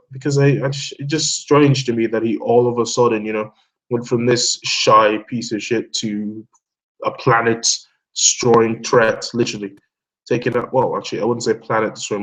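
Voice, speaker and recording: A man hosting a casual online hangout, rambling excitedly in loose commentary, swearing often, laughing and talking himself in circles. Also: medium pitch, low-quality recording. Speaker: host of an online discussion hangout.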